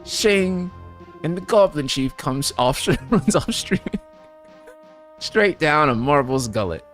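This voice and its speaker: A man plays a rowdy soldier in a game tavern, pitched up high and loud, spinning a yarn with big theatrical beats and a shaky British lilt. Faint music plays under him. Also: lively intonation, slow. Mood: boisterous. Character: boisterous tavern soldier telling tales.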